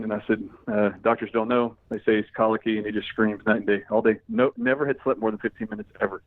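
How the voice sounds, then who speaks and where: A man's voice: lowish voice, quick pace, few pauses, dry recording. A middle-aged man telling a personal story as an interview guest, acting out the lines of the people in it. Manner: animated storyteller, acts out quoted dialogue. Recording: dry, phone-like narrow sound.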